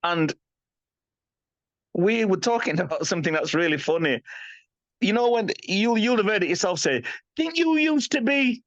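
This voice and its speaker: A man's voice: sits high, expressive, moderate pace, pauses often, no room sound. A man in his fifties, a guest on a podcast, talking candidly in a blunt, emphatic way and often asking "you know what I mean". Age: 50s. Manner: blunt, emphatic, swears freely. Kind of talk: candid interview talk. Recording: slightly dull lo-fi sound.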